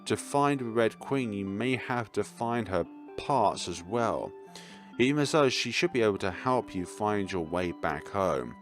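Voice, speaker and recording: Man voicing a gentle caged queen. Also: on the low side, animated, a little slow, soft background music.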